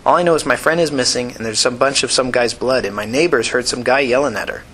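A man's voice: mid-range voice, a bit bright, slight background noise, natural voice. A man putting on a touchy young woman. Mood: earnest. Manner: defensive, quick to anger.

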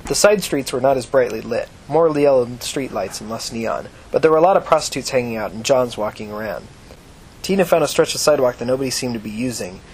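A man narrating an audiobook in a steady, measured reading. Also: mid-range voice, slightly rough.

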